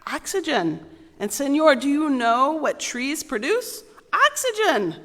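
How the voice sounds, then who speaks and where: A woman voicing a group of porcupines in a children's story, with a high, pleading animal voice. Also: very animated, slow, a bit bright, exaggerated voice. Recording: long reverb in a large hall.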